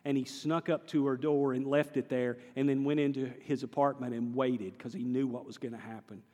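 A male pastor, preaching a sermon with humor and animated storytelling and putting questions to his congregation. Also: mid-range voice, brisk. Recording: long hall reverb.

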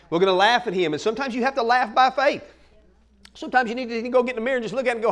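A male pastor preaches at full energy. His voice sits very high, and he keeps peppering his lines with casual fillers. He often builds into loud, shouted rallying bursts. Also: fast. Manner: excitable, shouting bursts, folksy "man" fillers. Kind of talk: energetic sermon.

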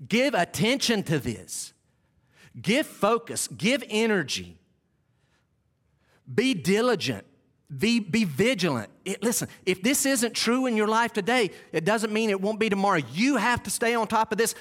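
A man's voice: high voice, big pitch swings, moderate pace, a bit bright. A man preaching a sermon as pastor, emphatic and repeating key phrases, with conversational asides to the congregation. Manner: conversational asides, self-deprecating. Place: church sanctuary.

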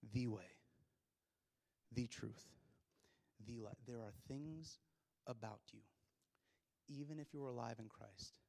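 Preacher in a reverberant hall. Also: male voice, medium pitch, takes it slowly, vocal fry, pauses often. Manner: storytelling, swings from hushed to loud and excited. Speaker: pastor. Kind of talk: sermon.

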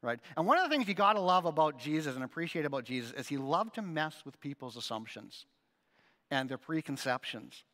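A man delivers a sermon in an animated, conversational manner, his voice pitched high and swinging widely. His tone is bright and forward. The sound carries the long reverb of a big hall. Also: fairly quick. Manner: animated, conversational preaching with frequent "right?" asides. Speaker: pastor.

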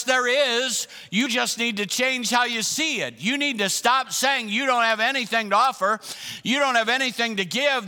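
Male pastor, sermon delivery, high and very bright voice, long reverb from a church hall. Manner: emphatic preaching, repeats questions, acts out voices of others.

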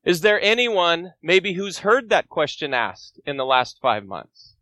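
A man's voice: a little high, lively intonation, unhurried, sharp tone, dry recording. A man in his forties, a guest pastor preaching a sermon, telling a story earnestly and asking the congregation rhetorical questions.

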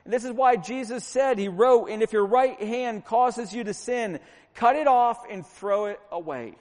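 A man's voice: very high-pitched, normal speed, a little mellow. A middle-aged man preaching a fervent, emphatic sermon as pastor, hammering points home with repetition. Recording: long reverb from a large room.

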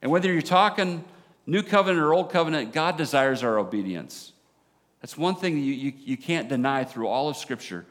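A man with a Southern American accent preaching a sermon as a pastor, animated, dropping low and quiet for emphasis. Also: moderate pace. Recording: long hall reverb.

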